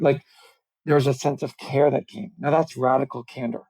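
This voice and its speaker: Gravelly-voiced man explaining with energy. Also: medium pitch, normal speed, rough recording. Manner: animated, explanatory, self-deprecating. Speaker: communications coach, podcast guest. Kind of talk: conversational podcast interview. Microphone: video call.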